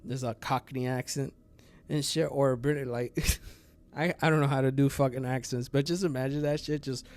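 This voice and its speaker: A man's voice: medium pitch, fairly even intonation, moderate pace, darkish tone. A man hosting a true crime channel, talking casually in a rambling, profane way full of fillers. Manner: rambling, profane, full of fillers, laughs at his own jokes.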